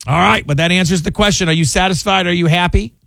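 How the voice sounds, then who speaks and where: A man hosting a talk radio call-in show as a criminal lawyer, hoarse from losing his voice, chatty and fond of quick jokes. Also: sits high, a bit bright, no echo. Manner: chatty and jokey, with quick asides. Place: radio studio. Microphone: studio microphone.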